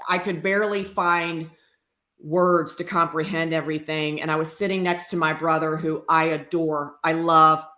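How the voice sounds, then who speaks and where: A woman's voice: on the low side, a bit bright, roomy sound. Earnest woman sharing her faith story. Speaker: guest. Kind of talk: faith testimony in a talk show interview.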